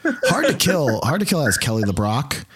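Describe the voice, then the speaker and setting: A man's voice: mid-range voice, wildly swooping pitch, normal speed, fairly bright tone, husky. A man hosting a podcast, chatting casually and rambling with lots of fillers. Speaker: podcast host. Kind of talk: casual chat.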